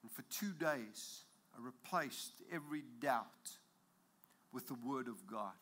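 A man preaching a sermon in a church, emphatic and building to loud exclamations. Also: mid-range voice, expressive, slow pace.

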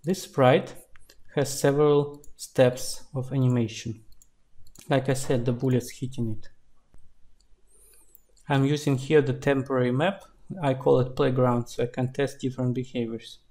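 Relaxed man narrating a game-dev tutorial. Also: medium pitch, unhurried. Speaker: indie game developer. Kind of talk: screen-recorded tutorial narration.

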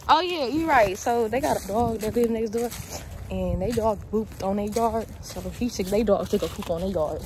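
A young woman vlogging outdoors, unboxing on camera, loud and playful and out of breath. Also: mid-range voice, normal speed. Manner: loud, playful, laughing, talks straight to viewers. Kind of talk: casual unboxing vlog. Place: outdoors in wind. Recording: outdoor phone audio with wind noise.

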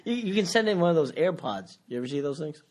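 A stand-up comic in his early forties, a guest on a podcast, chatting casually with halting speech and frequent restarts. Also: on the high side, animated, slight background noise. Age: 40s. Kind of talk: casual chat.

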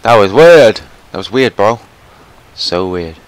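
A young man giving loud, profane let's play commentary, yelling and swearing at the game. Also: fairly low pitch, animated, slow pace, smooth, no room sound. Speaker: gameplay commentator.

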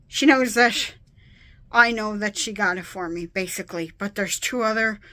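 A woman rambles casually through a home vlog at her desk. She sounds tired and keeps getting sidetracked, and her voice sits at an ordinary middle pitch for a woman. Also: sharp tone. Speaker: vlogger. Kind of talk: casual chat.

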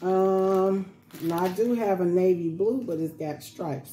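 A woman's voice: on the low side, slow pace, warm tone. A woman vlogging at home in casual chat to camera, talking to her viewers while she cares for baby dolls. She repeats herself and laughs often. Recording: echoey room with faint background noise.

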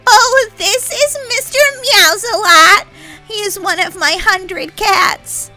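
A woman's voice: very high-pitched, slow, sharp tone, faint music behind, exaggerated voice. A woman voicing a silly, cheerful grandmother with lots of cats in a game role-play, talking in a scatterbrained way.

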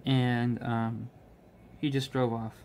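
A man chatting casually about his work as a restaurant manager, rambling with many ums and restarts and getting animated when he quotes people. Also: mid-range voice, slow pace, slight background noise. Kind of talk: casual storytelling while crafting.

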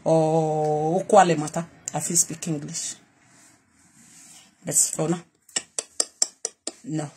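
A woman's voice: low voice, little pitch movement, slow pace, long pauses, mellow, breathy edge. A woman from Edo State with a Nigerian accent, ranting straight to camera and switching between Pidgin and her Edo dialect as she issues a defiant challenge. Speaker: vlogger. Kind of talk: direct-to-camera live video rant.

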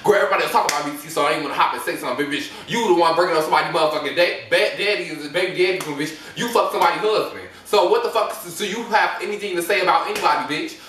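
A man's voice: on the high side, rapid-fire, hardly any pauses, fairly bright tone, distant mic. A man giving blunt, profane, exasperated reaction commentary in a vlog. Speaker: commentary vlogger. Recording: echoey room, voice off-mic.

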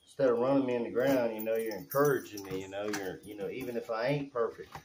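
A man's voice: fairly low pitch, fast, a little hiss or hum. Rambling handyman in an echoey room. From Alabama, US. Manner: rambling, folksy, swings into loud rants. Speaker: handyman vlogger. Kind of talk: casual vlog chat. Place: house under renovation, indoors.

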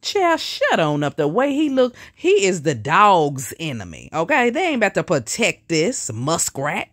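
Woman roasting some guy for her viewers, lively up and down voice, sassy. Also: lowish voice, unhurried. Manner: sassy, teasing, talks to viewers as y'all. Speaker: reaction commentator. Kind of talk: mocking reaction commentary.

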